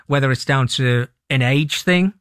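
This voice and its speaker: A man speaking as a football pundit on radio, thoughtful and halting, with frequent restarts. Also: mid-range voice, a bit bright, smooth, dry recording, studio quality. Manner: thoughtful, many restarts and ums. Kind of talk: sports radio discussion.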